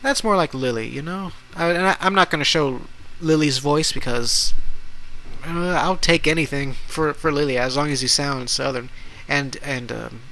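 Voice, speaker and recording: Halting young man podcasting. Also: a little high, sharp tone, low-quality recording. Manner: halting, many restarts and fillers. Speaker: podcast host. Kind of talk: casual solo podcast.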